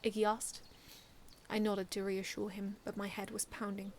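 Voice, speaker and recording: A woman reading her own first-person fan story aloud in an earnest, expressive way, often restarting lines. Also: medium pitch, normal speed, a little hiss or hum.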